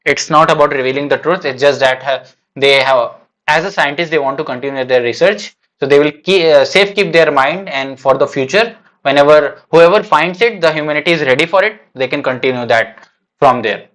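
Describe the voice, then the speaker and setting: Talking a little fast in a slightly high, fairly bright voice, a streamer reacts live to a manga chapter. His commentary is casual and hesitant, scattered with fillers and restarted sentences.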